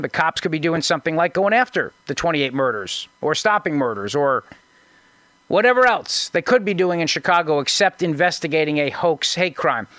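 Sarcastic talk radio host, dry sound. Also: male voice, a little high, fairly bright tone, no room sound. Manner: sarcastic, mocking, restarts often. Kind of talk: conservative talk radio commentary.

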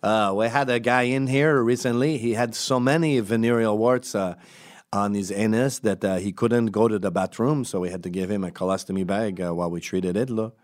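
A man's voice: on the low side, fairly even intonation, normal speed, lightly acted. A man voicing a blunt, casual male French Canadian doctor, with a put-on French Canadian accent and an offhand manner.

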